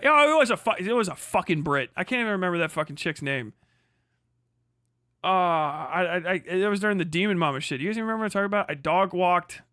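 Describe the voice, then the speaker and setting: A man with a high, bright voice rants on his livestream, swearing freely and laughing at the people he mocks. His tone is scornful and quick, and the sound is dry and close to the mic. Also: dry recording. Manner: profane, mocking, laughing often, puts on prissy voices to mock critics. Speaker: livestream host. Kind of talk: casual ranting livestream commentary.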